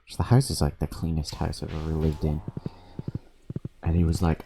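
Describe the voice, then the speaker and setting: A low-voiced man chats into his desk mic while he plays, spinning a story and cursing loosely as he goes. His tone is warm and relaxed, and a faint hiss sits under the voice. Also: normal speed. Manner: swears freely, laughs while telling stories. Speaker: streamer. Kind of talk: casual storytelling while gaming. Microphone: desk microphone.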